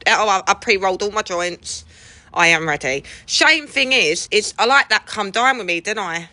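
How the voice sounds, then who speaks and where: Woman livestreaming, casual chatty talk, laughs a lot, bright sharp tone, dry close sound. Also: medium pitch, normal speed, no room sound. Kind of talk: casual chat with live viewers.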